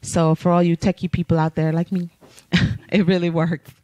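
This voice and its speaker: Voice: medium pitch, flat delivery, normal speed, mellow, no echo. A church announcer reading out announcements in an upbeat, chatty way, laughing often. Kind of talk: casual announcements. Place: church sanctuary.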